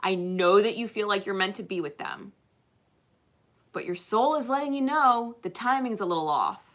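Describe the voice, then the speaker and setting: A woman with a bright, ringing voice giving spiritual advice to her viewers, blunt and full of swearing. She moves between loud, emphatic stretches and hushed, intimate ones. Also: medium pitch, normal speed. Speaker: spiritual channel host.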